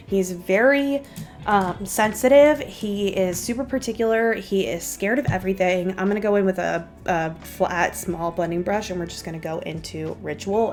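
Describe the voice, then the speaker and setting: A young woman talks casually to her viewers from a room at home, narrating her makeup steps between stories. Her voice sits at an ordinary middle pitch and stays chatty and easygoing. Faint music plays under her. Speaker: beauty vlogger. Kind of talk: casual chit-chat while doing makeup. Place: home guest room used as office.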